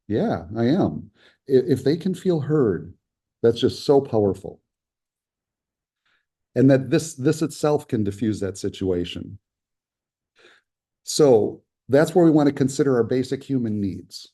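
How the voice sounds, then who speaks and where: Man teaching in a dark, mellow voice. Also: medium pitch, sing-song, measured pace, long pauses, slightly rough. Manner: conversational, acts out quoted complaints. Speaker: instructor. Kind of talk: lecture on conflict resolution.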